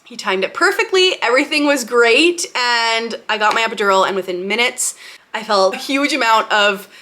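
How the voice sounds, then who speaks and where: A young woman speaks to camera in a bright, ringing voice, her tone crisp and forward. She tells her story casually and candidly, laughing often and acting out what people said along the way. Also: on the high side, normal speed. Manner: chatty and candid, laughing often, with lively acted-out quotes. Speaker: lifestyle vlogger.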